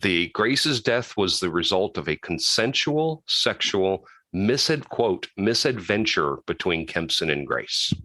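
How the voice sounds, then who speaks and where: A man's voice: sits low, very animated, measured pace, hardly any pauses, pushed and bright, no room sound, poor audio. A man co-hosting a podcast, casually recapping a true-crime case from notes, with frequent restarts and side comments. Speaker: podcast co-host.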